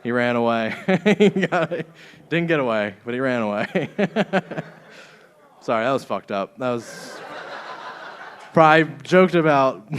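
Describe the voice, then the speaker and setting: A man's voice: medium pitch, clean tone. A young man doing a stand-up set in a comedy club, often laughing at his own jokes.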